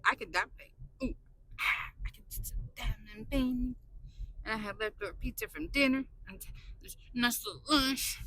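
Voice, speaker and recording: A woman vlogger chatting excitably while driving her car, laughing often. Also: on the high side, moderate pace, rough recording. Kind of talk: casual chat while driving.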